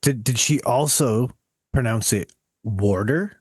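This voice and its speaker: A man speaks on a podcast with insistent emphasis, tossing in casual swearing. His voice is middle-pitched and sits close and dry, with no room sound around it. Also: animated, moderate pace, no echo. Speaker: podcast co-host. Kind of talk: casual chat.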